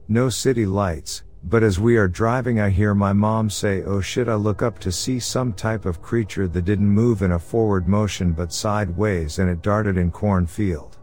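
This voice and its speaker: A man narrating true scary stories sent in by listeners, in a steady, low-key storytelling manner. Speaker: podcast narrator. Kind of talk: reading listener horror stories.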